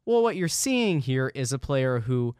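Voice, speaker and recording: A man's voice: mid-range voice, very animated, a little slow, darkish tone, clear, resonant tone, no room sound, clean studio sound. Rambling, teasing male podcast co-host. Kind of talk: casual sports podcast chat.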